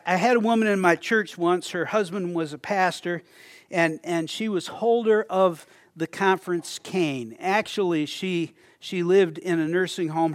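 Male pastor, conversational sermon, halting restarts, light chuckles, slightly high voice, dry sound. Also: no echo.

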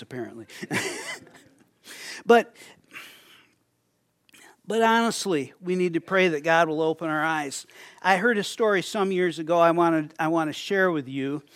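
Male pastor, conversational sermon, halting restarts, light chuckles, slightly high voice, dry sound. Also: no echo.

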